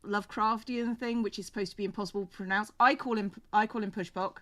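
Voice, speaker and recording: English woman, near-RP accent, bright tone, laughs a lot, chatty streamer. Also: medium pitch, steady tone. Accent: near received pronunciation English. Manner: giggly, quick to laugh; chatty, thanks viewers. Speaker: streamer and co-host. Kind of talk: casual livestream chat.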